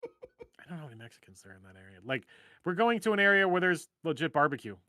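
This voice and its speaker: A Minnesota man co-hosts a livestream, his voice on the high side and very animated, moving fast with a sharp edge. He rambles casually from one joke to the next and trails off into mumbles. The recording is dry with clean studio sound.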